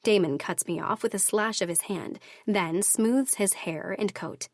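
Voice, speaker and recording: A woman narrating a first-person romance audiobook in a measured, even storytelling manner. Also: medium pitch, no echo, studio quality.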